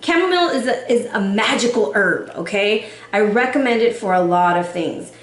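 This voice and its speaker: A woman giving a casual tarot reading, animated and sassy, with casual swearing. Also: medium pitch, normal speed, roomy sound. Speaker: tarot reader.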